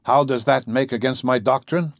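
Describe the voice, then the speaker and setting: A male narrator voicing an excitable, obstinate old professor explorer who speaks emphatically. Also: medium pitch, normal speed, gravelly, no echo, studio quality, lightly acted. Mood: stubborn. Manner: emphatic and stubborn.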